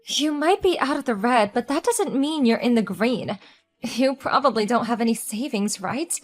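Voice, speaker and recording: A woman playing a divorced wife with a fairly high voice and a cutting, sarcastic way of talking to her ex. She sounds mocking and unimpressed, with faint music playing behind her in this audio drama. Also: expressive, moderate pace, lightly acted.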